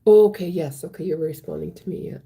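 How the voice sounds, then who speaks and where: A woman casually chatting on a live stream, reading viewer comments aloud in a soft voice that often drops to a whisper. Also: low-pitched, wildly swooping pitch, fast, slightly rough.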